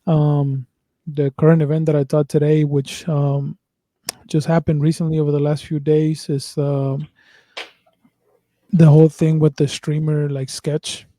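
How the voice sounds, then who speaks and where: Man, podcast host, casual chat, rambling, swears a lot, fairly high, very dark tone. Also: level tone, measured pace, no room sound. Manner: rambling, profane, full of fillers and restarts.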